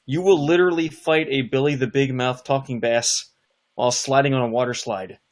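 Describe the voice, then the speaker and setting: A man's voice: medium pitch, fairly even intonation, brisk. A man in casual chat, cracking crude, sarcastic jokes.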